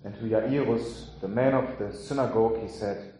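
A man preaching, reading scripture aloud and then giving a sermon in a slow, solemn way. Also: lowish voice, fairly even intonation, warm tone. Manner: slow, solemn delivery with drawn-out phrases. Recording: very echoey hall.

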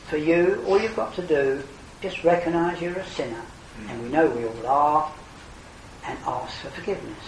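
An older man delivers an evangelistic sermon with a slightly high voice. He is earnest, surging into emphatic exclamations and then sinking back to quiet tones. The recording is roomy and distant, with a faint ambient hiss behind him. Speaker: preacher.

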